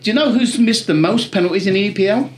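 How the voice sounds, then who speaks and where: A middle-aged man with a London accent, co-hosting a casual football chat and telling animated stories full of swearing. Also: sits high, fast, a little hiss or hum. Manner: animated storyteller, swears freely. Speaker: podcast co-host.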